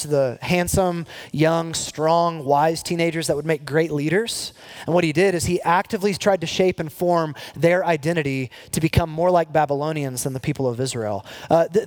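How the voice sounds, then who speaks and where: A man preaching a sermon, animated, acting out the voices he quotes. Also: on the high side. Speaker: pastor.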